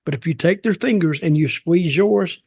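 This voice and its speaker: Gravelly older man spinning a blunt story. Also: a little high, normal speed, darkish tone, dry recording, studio quality. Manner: rambling, blunt, profane, with restarts. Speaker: podcast host telling a wrestling story. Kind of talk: casual storytelling.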